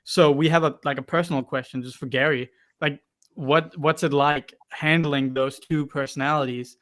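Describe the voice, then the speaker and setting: A male host asking long questions on a live stream, halting and full of fillers. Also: a little high, steady tone, fairly bright tone.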